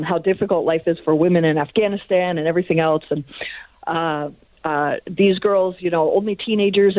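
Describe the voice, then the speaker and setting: A woman's voice: lowish voice, no room sound. A woman calling in to a radio show, telling an earnest personal story with many fillers. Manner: earnest, with frequent fillers and soft laughs. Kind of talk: personal testimony. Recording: tinny phone line.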